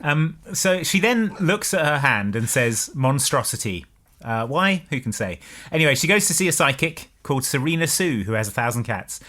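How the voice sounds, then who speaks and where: A man co-hosting a podcast, recapping a film's plot with wry, deadpan asides. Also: fairly high pitch, normal speed, hardly any pauses. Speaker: podcast co-host. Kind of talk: casual chat recapping a film.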